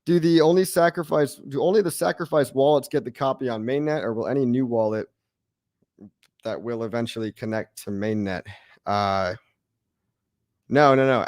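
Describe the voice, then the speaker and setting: A brash, excitable man hosting a live crypto stream, hyping up his viewers and jeering at critics. His voice sits at a middle pitch and sounds close and dry, with little room sound around it. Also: dry recording. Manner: excitable, brash, mocking haters, repeats lines. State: out of breath. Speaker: crypto livestream host.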